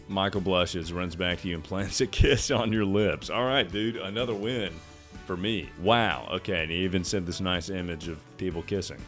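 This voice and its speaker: A man's voice: sits low, moderate pace, a bit bright, soft background music. A young man streamer reading an AI chat aloud for laughs, with a playful, mocking delivery.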